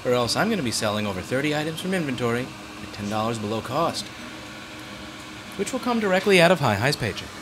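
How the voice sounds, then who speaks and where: A man's voice: mid-range voice, very animated, fast talker. Sarcastic guy narrating a repair stream, bouncy voice, noisy shop with ac hum. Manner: sarcastic, teasing. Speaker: repair shop owner livestreaming a repair. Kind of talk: casual livestream commentary.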